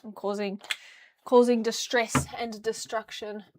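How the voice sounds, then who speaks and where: A woman's voice: fairly high pitch, little pitch movement, unhurried, very noisy. Chatty young woman from New Zealand. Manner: rambling, chatty, hums and sings nonsense syllables while tidying. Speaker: livestreamer. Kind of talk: casual livestream chat. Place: her bedroom.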